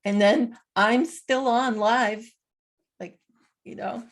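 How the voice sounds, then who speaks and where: A woman vlogging in a casual monologue, reading from her notes and spelling out numbers slowly and deliberately. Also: on the high side, steady tone.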